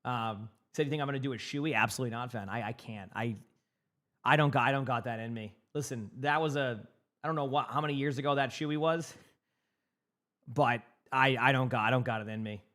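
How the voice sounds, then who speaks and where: Rambling streamer with a light Boston accent. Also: male voice, mid-range voice, brisk, a bit bright. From Massachusetts. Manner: rambling, repeats words, reads chat aloud. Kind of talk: casual live-stream chat.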